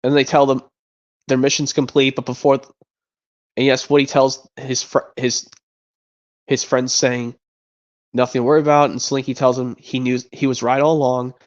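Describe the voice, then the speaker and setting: A man's voice: medium pitch, level tone, normal speed. A man casually explaining movie scenes on a stream, rambling and restarting his sentences. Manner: rambling, stop-start retelling. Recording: dull lo-fi stream audio.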